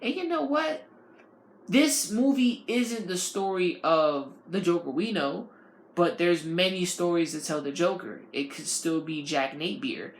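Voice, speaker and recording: A woman's voice: fairly low pitch, measured pace. A woman hosting a podcast, ranting in a casual, profane and rambling way. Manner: animated, profane, rambling delivery. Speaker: podcast host. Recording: roomy, with faint ambience.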